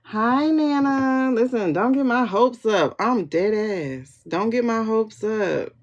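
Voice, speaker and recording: A woman hosting a livestream pendulum reading, excitable, repeating herself as she questions her spirit guide and talks to viewers. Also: medium pitch, unhurried. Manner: excitable, keeps repeating "hold on" while asking questions. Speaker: tarot reader host. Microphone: phone or computer mic for livestream. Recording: dull lo-fi livestream audio.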